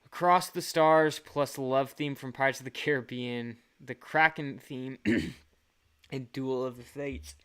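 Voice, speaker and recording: A young man hosts a relaxed livestream, talking in a loose, rambling way to his viewers. His voice sits at an everyday middle pitch and sounds smooth and clear. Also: takes it slowly. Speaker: channel host. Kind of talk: casual livestream chat.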